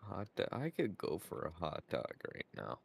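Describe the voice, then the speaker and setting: A man chatting casually on a stream in a slow, laid-back way. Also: sits low, wildly swooping pitch, creaky, slightly rough. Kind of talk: casual chat.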